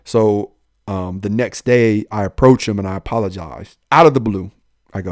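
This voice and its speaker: Young guy telling his story, lively, voice jumps way up on the quotes, dry close sound. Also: fairly quick, no echo. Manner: animated storyteller, acts out quotes with sudden jumps in pitch. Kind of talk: personal storytelling in a podcast talk.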